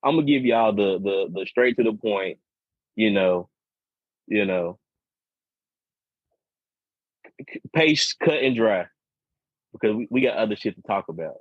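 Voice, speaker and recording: A man co-hosts a laid-back podcast, telling a long, profane story and often repeating words along the way. His voice is fairly low, animated and unhurried, with frequent pauses. The audio is dull and lo-fi with no room sound.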